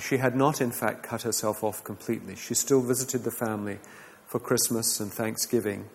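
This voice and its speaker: A man teaching a group in a measured, earnest way, giving a reflective talk and then opening it up for discussion. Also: medium pitch, long reverb tail.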